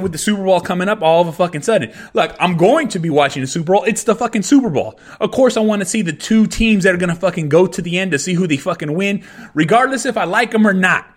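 A middle-aged man hosting his own podcast, ranting angrily and swearing constantly as he repeats his points. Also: sits high. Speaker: podcast host. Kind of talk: profane solo rant.

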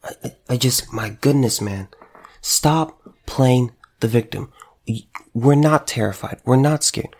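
A man's voice: mid-range voice, measured pace, darkish tone. A man who runs a store, delivering an impassioned monologue to camera, emphatic and repeating phrases for stress. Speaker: store owner.

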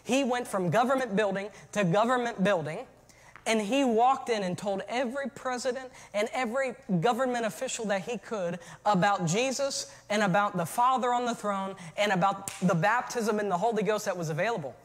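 A man preaching a sermon as pastor, moving from relaxed storytelling to shouted calls to his church. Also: high-pitched, normal speed, long reverb tail.

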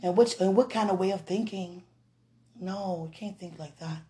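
Effusive, prayerful woman with a lowish voice. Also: moderate pace, mellow. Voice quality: effusive, breaks into prayer and laughter, repeats "Oh, God". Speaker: Christian ministry vlogger. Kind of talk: emotional, prayerful chat to viewers.

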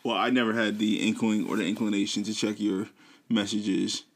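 A man's voice: fairly low pitch, flat delivery, moderate pace. A man co-hosting a casual talk show, joking in a laid-back way. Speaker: podcast co-host. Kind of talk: casual banter.

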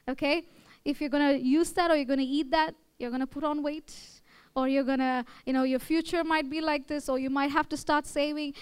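A woman's voice: sits high, fairly even intonation, normal speed, fairly bright tone. A young woman with an Indian English accent preaching a sermon in a conversational way, often checking in with her listeners. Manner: conversational, checks in with "okay?" and "all right?".

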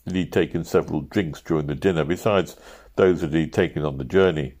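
A man narrating a novel aloud at a steady pace, lifting his voice for shouted quotes. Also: rumbling low, fairly quick. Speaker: audiobook reader.

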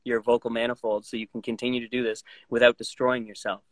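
A man's voice: medium pitch, fast talker, dry recording. A man who works as a voice actor, chatting casually in an interview and slipping into voices and impressions as he talks. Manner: animated, jumps into voices and impressions mid-sentence. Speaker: voice actor guest.

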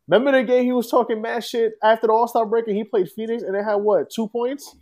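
A man co-hosting a casual sports talk show, trash-talking players in a rapid, profane, mocking way. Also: very high-pitched, fairly even intonation, darkish tone. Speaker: podcast co-host.

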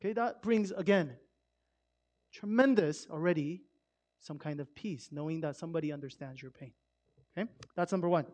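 A man preaches in a relaxed, talky way, leaning hard on key words and then dropping almost to a murmur. His voice sits notably high for a man. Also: moderate pace, pauses often. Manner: conversational, emphatic with swings from loud to hushed. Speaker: pastor. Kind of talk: sermon.

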